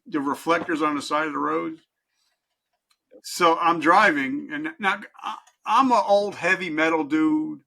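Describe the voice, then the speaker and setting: Gravelly, bright-voiced man telling his story. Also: fairly high pitch. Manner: candid, intense, swings from loud to hushed. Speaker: podcast guest, life coach. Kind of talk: emotional personal storytelling.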